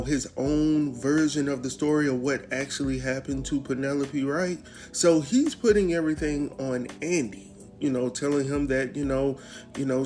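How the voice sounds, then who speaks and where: A man hosting a casual recap show, retelling a TV episode in an animated, chatty way. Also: mid-range voice. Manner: chatty, animated retelling with quoted character lines.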